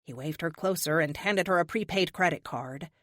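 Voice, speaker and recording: A woman narrating an audiobook with steady, expressive storytelling. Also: on the low side, normal speed, dry recording, studio quality. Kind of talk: scripted narration.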